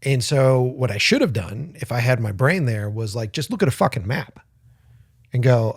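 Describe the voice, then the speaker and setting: A man with a mid-range, slightly breathy voice talks at normal speed on a studio-quality recording free of room sound. Co-hosting a podcast, he rambles through a casual, profane story and acts out its quoted voices with gusto.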